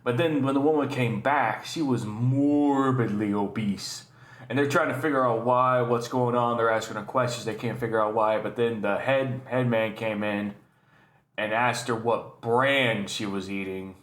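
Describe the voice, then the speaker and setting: A man chatting loosely as the host of his own channel, drifting from story to story and swearing freely. His mid-pitched voice rings off the walls of a roomy, echoey space. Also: steady tone, moderate pace. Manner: rambling, swears often, laughs at his own stories. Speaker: YouTube host. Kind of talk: casual storytelling and reaction commentary. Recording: roomy echo.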